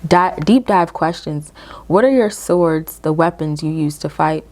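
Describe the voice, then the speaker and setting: Low and a bit dark in tone, this woman's voice belongs to a tarot reader doing a relaxed reading for her viewers. She cheers them on, addresses them head-on with a frequent "okay?", and reads guidebook passages slowly and deliberately.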